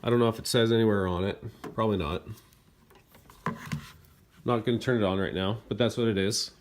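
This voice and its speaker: Exasperated male homeowner, handheld home-video complaint, hurried retelling. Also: on the low side, fairly even intonation, slight background noise. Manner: exasperated, retelling events in a rush. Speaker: homeowner reviewing appliances. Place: inside a home kitchen.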